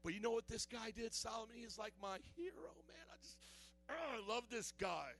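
Preacher, male, high voice, animated and joking, casual sermon style. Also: fairly quick, vocal fry, soft background music. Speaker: pastor.

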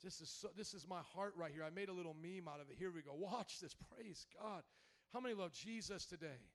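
A man in his thirties preaching a sermon in church, swinging from soft, choked-up storytelling to loud, shouted exhortation. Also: brisk. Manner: preaching with big emotional swings, shouting high when fired up. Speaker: pastor. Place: church sanctuary.

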